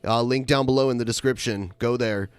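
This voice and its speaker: A man's voice: medium pitch, steady tone, clear, resonant tone, dry recording. A man hosting a casual podcast, introducing clips and making announcements. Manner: runs the segments, quick announcements. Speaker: podcast host.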